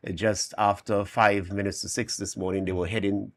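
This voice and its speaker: A man's voice: fairly low pitch, flat delivery, normal speed, a bit bright. A man with a Trinidad and Tobago accent, an emergency official giving a detailed, figure-laden update in a morning show interview.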